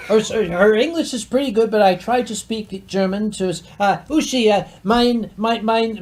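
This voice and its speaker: A man in casual chat, talking slowly and haltingly with many fillers as he introduces a guest on a stream. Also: high voice.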